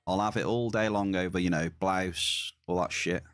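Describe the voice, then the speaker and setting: A man's voice: low voice, steady tone, normal speed, fairly bright tone, clear, resonant tone, dry recording, clean studio sound. A man streaming a game, chatting casually with viewers and often repeating his words as he plays.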